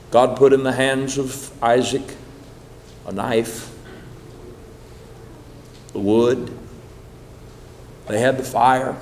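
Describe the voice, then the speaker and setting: A man preaching a sermon, telling a story dramatically with swelling emphasis. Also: on the high side. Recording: echoey hall.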